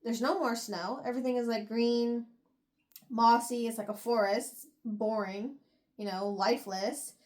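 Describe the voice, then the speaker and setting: A young woman with a slightly high voice recaps a novel's plot for her podcast. She rambles in a loose, animated way, full of fillers and quick asides. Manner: rambling, animated retelling with frequent "like" and laughs. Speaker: book review podcast host. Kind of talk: casual book recap.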